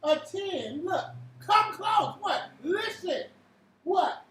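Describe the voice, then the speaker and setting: A woman leading an interactive church Bible lesson, quizzing the room with repeated "what?" and building to shouts. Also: very high-pitched, animated, extremely slow. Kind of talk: interactive sermon with call and response. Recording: echoey room from far off, faint hiss.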